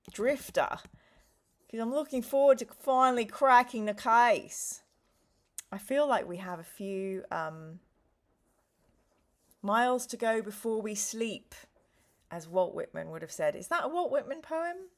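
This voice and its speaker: A woman with a slightly high voice hosts a live gaming stream, chatting casually, reading viewer comments aloud, and tossing in jokey asides.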